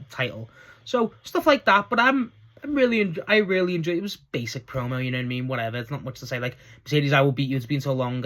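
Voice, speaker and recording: Excitable man rambling through a wrestling recap. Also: fairly high pitch. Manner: rambling, enthusiastic, swears casually. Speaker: wrestling show reviewer. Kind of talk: casual solo recap.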